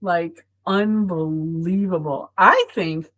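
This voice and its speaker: A woman's voice: lowish voice, takes it slowly, a bit bright, poor audio. Gushing enthusiastic woman co-host. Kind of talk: live product showcase chat.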